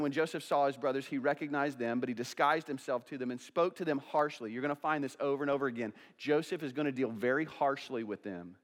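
A male pastor preaching a sermon, asking rhetorical questions and acting out both sides of dialogues. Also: mid-range voice. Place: church sanctuary. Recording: church sanctuary with long reverb.

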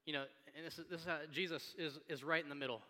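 A man, a pastor, preaching a sermon in a conversational, animated storytelling manner. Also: fairly high pitch, very fast. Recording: long hall reverb.

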